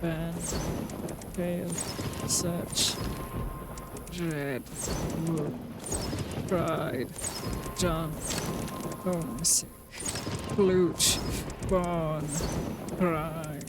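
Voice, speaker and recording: A woman putting on a low, solemn voice to read single words aloud slowly while gaming. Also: steady tone. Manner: drawn-out, deliberate one-word readings. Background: loud game music.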